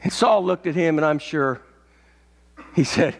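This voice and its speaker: A male pastor preaching a sermon, telling a story and swelling into shouts at its peaks. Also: a little high, measured pace, gravelly, pauses often. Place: church. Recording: echoey church hall.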